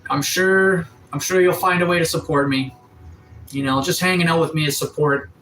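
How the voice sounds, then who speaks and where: A man's voice: on the high side, steady tone, moderate pace, fairly bright tone, faint music behind, low-quality recording. Man streaming with a cold. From Atlantic Canada. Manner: reads out and answers chat comments. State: has a cold. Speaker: livestreamer. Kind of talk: casual live-chat stream. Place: sunroom.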